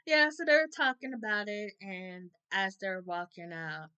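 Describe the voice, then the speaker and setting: A woman's voice: mid-range voice, sing-song, measured pace, pushed and bright, clear, resonant tone, poor audio. A woman giving a casual, opinionated episode recap, laughing often and acting out characters' lines. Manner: chatty, opinionated, laughs often, acts out quotes. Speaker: soap opera reviewer.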